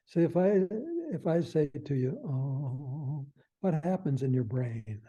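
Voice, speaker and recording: A man's voice: on the high side, lively intonation, moderate pace, warm tone, husky, dull audio. An older man, a guest expert on a podcast, explaining in a folksy way and acting out little quoted phrases with chuckles.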